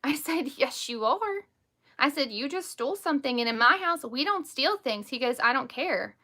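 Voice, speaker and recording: Bright-voiced blunt woman live-streaming. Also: sits high, animated, a little fast. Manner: blunt, emphatic, defiant; heavy use of "like" and "over the top". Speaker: host and stepmother. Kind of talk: casual live-stream storytelling.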